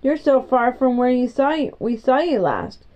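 A woman's voice: sits high, big pitch swings, normal speed, mellow. A woman reading the lines of a pleasant, polite girl in a children's storybook. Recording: dull lo-fi recording.

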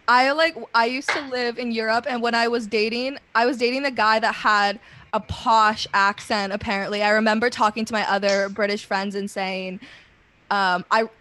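A woman's voice: on the high side, fairly even intonation, sharp tone. A woman hosting her own podcast, bubbly and casual, with lots of "like" fillers. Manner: bubbly, quick laughs, fillers like "like". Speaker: podcast host. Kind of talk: casual chat.

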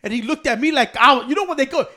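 A young man telling a story in casual chat with friends, profane and animated, breaking into laughs. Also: extremely high pitch, fast. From Hispanic American.

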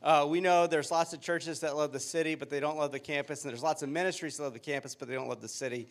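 A man in his thirties, a pastor giving a sermon with upbeat, joking storytelling. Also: mid-range voice.

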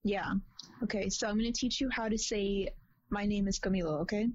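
A woman's voice: mid-range voice, fairly even intonation, a little fast, highs cut off. A woman co-hosting a casual podcast who gives advice and teaches phrases in an encouraging way. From grew up speaking Telugu. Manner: advising, encouraging. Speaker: podcast co-host.

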